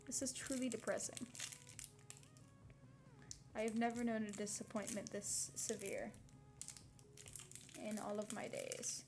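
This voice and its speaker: A woman streaming, chatting casually with swearing and reading a novel aloud, often in a soft whisper. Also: on the high side, steady tone, unhurried, pauses often, background noise.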